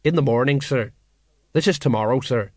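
A man's voice: mid-range voice, moderate pace, darkish tone, no echo, studio quality, natural voice. A man reading an audiobook, voicing a sheepish, evasive middle-aged watch sergeant who talks colloquially.

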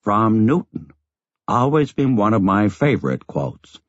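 A man voicing a calm, mildly self-deprecating elderly man in an audiobook. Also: on the low side, measured pace, no echo, dull audio. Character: elderly tall white-haired man, calm, modest.

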